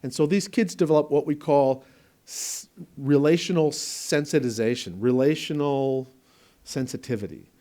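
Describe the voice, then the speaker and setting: A man's voice: fairly high pitch, moderate pace, warm tone. A man presenting to an audience in a room, explaining ideas conversationally with examples and asides, and repeating words for emphasis. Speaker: presenter at a training event. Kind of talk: conference lecture.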